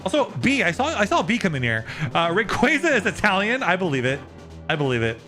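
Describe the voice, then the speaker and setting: A man's voice: sits high, huge pitch swings, a little fast, pushed and bright, faint music behind. A young man streaming live, casually explaining a topic and answering his viewers' chat.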